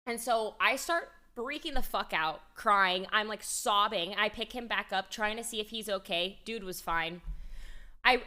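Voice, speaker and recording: Young female streamer, bright and chatty, swears freely; casual live-stream talk. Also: mid-range voice. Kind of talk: casual chat.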